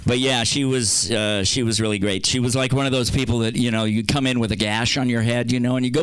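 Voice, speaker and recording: A man's voice: mid-range voice, fairly even intonation, fast talker, hardly any pauses, fairly bright tone, clean tone, dry recording. A man doing rambling, crude stand-up at an open mic, acting out bits of his stories. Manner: rambling, crude, act-outs with big voices. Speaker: stand-up comedian.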